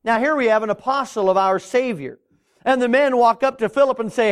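Middle-aged male pastor, high voice, preaching a sermon with swells, drops and stretched words. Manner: preacherly, swells and drops in volume, drawn-out emphasis. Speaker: Baptist pastor.

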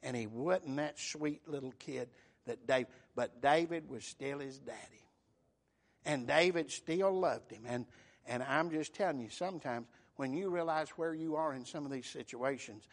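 A man preaching a sermon in a folksy, repetitive way, swinging from loud emphasis to hushed tones. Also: mid-range voice, moderate pace.

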